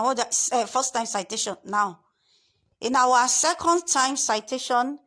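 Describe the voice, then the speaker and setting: A woman tutor giving a screen-share lesson, repeating herself and stressing key words slowly. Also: a little high, bright, forceful tone.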